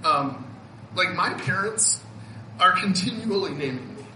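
A pastor in his fifties gives a heartfelt, expressive sermon at a measured pace, often laughing and repeating words to drive his point home. His voice is high and very bright, and the hall echoes around him with a faint hum of ambience.

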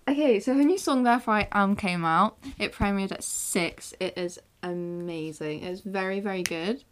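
A teenage woman hosting a casual podcast, giggly, excitable and easily flustered. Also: medium pitch, normal speed, hardly any pauses, slight background noise. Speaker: podcast host. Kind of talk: casual chat.

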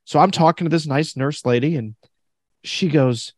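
A man co-hosting a podcast, telling a story in a casual, animated way and laughing as he goes. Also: fairly high pitch, moderate pace, dry recording, clean studio sound. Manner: animated, laughs through his stories, acts out the people in them. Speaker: podcast co-host.

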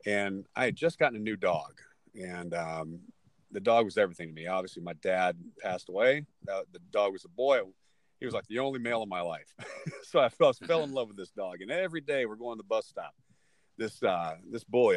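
Middle-aged guy, lowish voice, blunt storyteller, dry mic, cusses a bit. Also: fairly quick, no room sound. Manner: blunt, animated storyteller, swears freely. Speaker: parent telling a story. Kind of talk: casual podcast chat.

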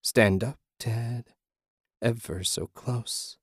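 A man voicing a calm disembodied female spirit who speaks quietly and slowly. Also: mid-range voice, breathy edge, no echo, studio quality, heavily acted.

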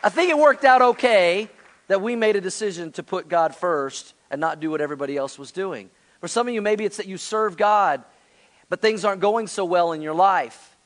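A man's voice: high voice, moderate pace, a faint crowd. A man in his forties, a pastor, preaching a sermon in an earnest, conversational way to his congregation. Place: church sanctuary.

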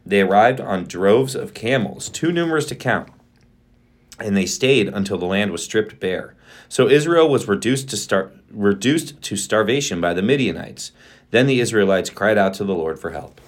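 A man co-hosting a podcast, reading scripture aloud at a steady, plain pace. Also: fairly low pitch, moderate pace.

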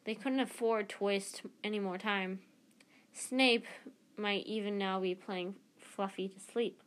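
A woman's voice: mid-range voice, fairly even intonation, measured pace. A woman reading a novel aloud in an unpolished way, with frequent slips and restarts. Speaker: audiobook reader.

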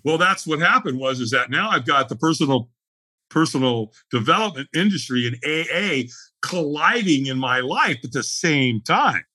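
Husky, bright-voiced middle-aged man. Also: fairly high pitch, moderate pace, dry recording. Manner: animated storyteller acting out dialogue. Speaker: guest. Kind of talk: podcast interview storytelling.

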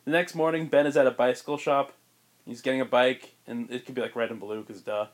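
A man co-hosting a podcast, pitching a story in rambling casual chat with many fillers and frequent laughs. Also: fairly even intonation, fairly quick. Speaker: podcast co-host.

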